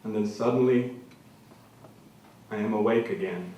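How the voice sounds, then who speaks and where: A man reading his own literary prose aloud to a live audience, measured and dramatic, leaning on repeated phrases. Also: fairly low pitch, warm tone. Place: literary venue before an audience. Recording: very echoey hall from far off.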